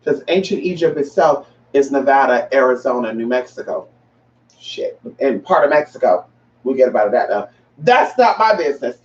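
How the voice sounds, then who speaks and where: A woman's voice: very deep voice, expressive, moderate pace, darkish tone. A transgender woman hosting a casual livestream, chatting with viewers in a sassy, profane way and calling them honey and girl. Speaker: livestream host. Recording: roomy, distant, dull lo-fi sound.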